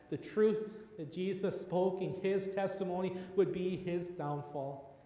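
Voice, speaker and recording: A man preaching a sermon, telling the story slowly with earnest, quiet dramatic pauses. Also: high-pitched, reverberant, in a large hall. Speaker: pastor.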